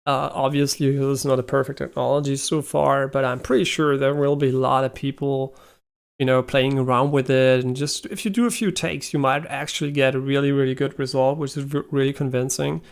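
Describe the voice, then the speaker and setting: A male streamer with a gravelly, creaky edge and a mid-range pitch, chatting in an upbeat, casual way with the occasional restart. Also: little pitch movement, brisk. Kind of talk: casual livestream chat.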